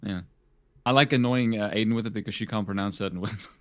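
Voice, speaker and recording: A man from South Africa in casual live-stream chat, blunt and quick to laugh. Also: fairly low pitch, steady tone, fairly bright tone, no echo.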